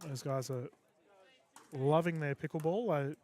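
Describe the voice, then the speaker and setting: A man's voice: on the high side, unhurried, a little mellow. A man commentating sports, bantering and teasing his guest in casual chat. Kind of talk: casual booth chat on a broadcast.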